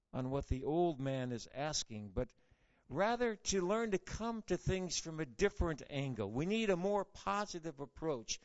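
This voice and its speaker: A man preaching a sermon, deliberate and measured, building to fervent rhetorical questions. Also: a little high, muffled recording. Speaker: pastor.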